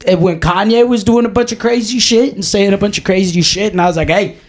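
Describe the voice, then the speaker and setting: A man's voice: high voice, fast talker. A man co-hosting a podcast in casual chat, talking in a profane, rambling, jokey way. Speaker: podcast co-host.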